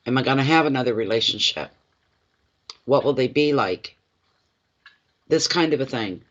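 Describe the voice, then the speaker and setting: A man giving live tarot readings in a plainly pitched voice, talking straight to his viewers and circling back over his own phrases. The sound is dull and lo-fi. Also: animated, normal speed, a bit bright. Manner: repeats phrases, speaks directly to viewers by name. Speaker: tarot reader.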